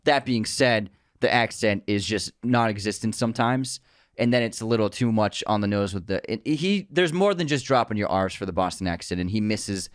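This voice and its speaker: A man's voice: fairly low pitch, lively intonation, normal speed, dry recording, studio quality. A man co-hosting a podcast in casual chat, agreeable, running the segments and handing out scores. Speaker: podcast co-host.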